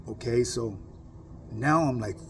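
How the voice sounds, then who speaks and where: A man's voice: medium pitch, slow pace, a little hiss or hum. A middle-aged man, casually telling a personal story to camera in streetwise slang and often asking "you know what I mean".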